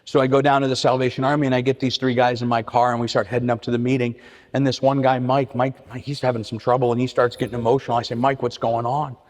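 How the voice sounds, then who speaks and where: A man's voice: medium pitch, little pitch movement, fast talker. A middle-aged man telling his recovery story at a meeting, earnest, with frequent restarts and repeated words. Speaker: AA meeting speaker. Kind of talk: personal recovery talk. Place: church meeting hall. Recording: hall reverb.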